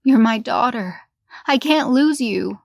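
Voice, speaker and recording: A woman playing a desperate middle-aged mother who pleads in a raised voice, set well above normal talking pitch. It's a horror storybook reading recorded dry and close. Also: expressive, slow pace, gravelly, dry recording, exaggerated voice.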